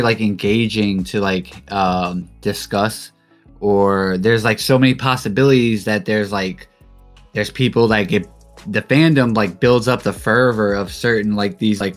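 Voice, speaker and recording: A man co-hosting a podcast, speaking in a halting way full of filler words. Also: on the low side. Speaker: podcast co-host. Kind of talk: casual chat.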